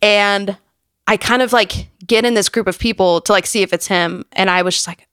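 A woman's voice: mid-range voice, fast, fairly bright tone, clean tone, dry recording, studio quality. A woman co-hosting a podcast, telling a story with lots of quoted voices. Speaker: podcast co-host. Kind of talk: casual chat.

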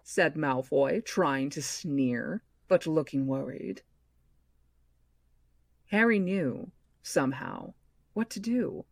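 A woman reads a novel aloud at an unhurried, slow pace. Her voice sits on the low side and the sound is dry and close. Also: no echo. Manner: measured, expressive storytelling. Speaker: book club podcast host.

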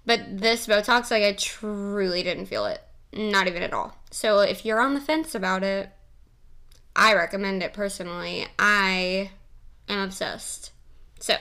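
A young woman rambles through a casual solo podcast, giggly and freely swearing. Her voice is bright and crisp, sitting a little high for a woman. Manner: rambling, giggly, profane and playful. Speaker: podcast host.

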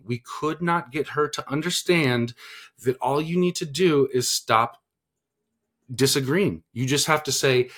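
Guy on a podcast rambling about parenting, lots of restarts and you-knows, mid-pitched voice. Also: measured pace, a bit bright. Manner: earnest, rambling, frequent restarts and "you know" fillers. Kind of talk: casual podcast chat.

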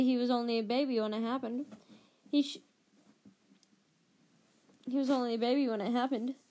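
A woman reading aloud as a suspicious, nervous schoolboy wizard who talks in a hushed, conspiratorial way. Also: fairly high pitch, close to an everyday voice.

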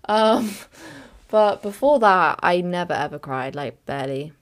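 Young woman with a lowish voice, chatty podcast monologue, rambles and laughs stuff off. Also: animated, measured pace. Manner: rambling, self-deprecating, laughs things off. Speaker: podcast host. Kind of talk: candid personal monologue.

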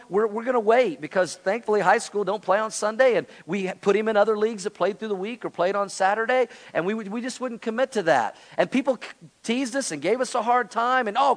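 A man in his forties, a pastor, preaching a sermon in an earnest, conversational way to his congregation. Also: high voice. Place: church sanctuary.

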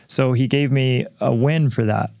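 A man's voice: mid-range voice, steady tone, measured pace, gravelly, darkish tone, no echo, clean studio sound. A middle-aged man hosting a podcast, speaking candidly and earnestly in a personal reflective monologue, with frequent restarts. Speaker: podcast host and author.

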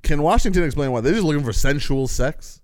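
A man's voice: on the high side, animated, fast talker, crowd noise. A man co-hosting a podcast, reading items out and joking crudely in casual banter. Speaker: podcast co-host.

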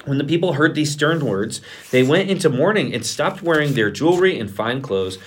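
A male pastor reading scripture aloud on a podcast in a steady, plain way, sometimes going back to repeat a phrase. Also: on the high side, moderate pace.

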